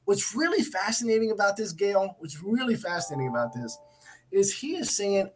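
Earnest and emphatic, this Christian talk show co-host teaches Bible lessons in a casual conversational way, frequently starting over and saying things twice. His high-pitched voice swings widely in pitch at a normal pace. There's noise in the background.

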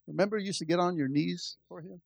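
High-pitched guy pastor preaching, dry sound, talks right at the church. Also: fast talker, creaky, slightly rough, no room sound. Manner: conversational preaching with church call-outs; impassioned, rising in volume. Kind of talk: sermon.

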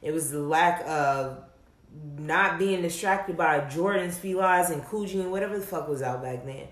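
A young woman talking casually and bluntly, swearing freely and telling stories with animated emphasis. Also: deep voice, moderate pace, echoey room. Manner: blunt, profane, animated storytelling. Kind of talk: casual candid chat.

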